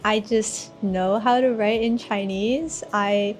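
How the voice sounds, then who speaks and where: A woman's voice: medium pitch, fairly even intonation, slow pace, slight background noise. A woman helping with a handwriting demo, talking casually and hesitantly with many fillers and repeated words. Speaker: guest helper. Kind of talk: casual demonstration.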